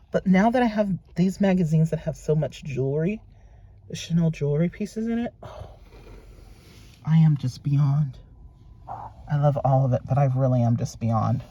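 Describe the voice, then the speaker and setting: A woman's voice: low-pitched, a little mellow. A woman vlogger unboxing luxury items in a casual, gushing way, thinking aloud and exclaiming over what she finds.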